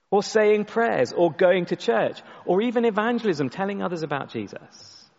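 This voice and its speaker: A man preaching a sermon, telling a story and often restarting his words, sometimes dropping his voice very soft for emphasis. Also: high voice, animated, moderate pace, creaky, few pauses, big-room sound, lo-fi sound. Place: church.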